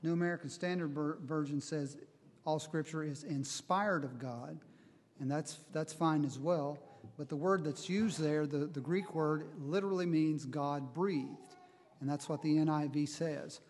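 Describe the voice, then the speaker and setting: Guy preaching a sermon, kinda high voice, echoey hall. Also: fairly even intonation, a little mellow, a little hiss or hum. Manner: measured Bible reading and teaching, slow on quoted verses.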